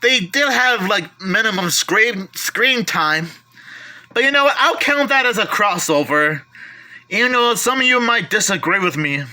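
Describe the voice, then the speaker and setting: A man's voice: sits high, bright, forceful tone. A man casually showing off his home media collection, listing titles one by one with chatty asides and self-corrections. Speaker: collector vlogger. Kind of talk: casual show-and-tell of a collection.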